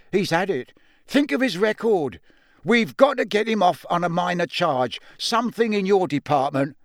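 A man's voice: high-pitched, no room sound, clean studio sound, voice pushed up. A man voicing a harried middle-aged male wizard official who talks in an urgent, complaining rush.

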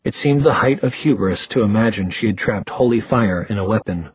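A man reading a novel aloud as an audiobook narrator, telling the story in an even, unhurried way. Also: on the low side, husky, no echo, phone-quality sound. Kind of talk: scripted narration.

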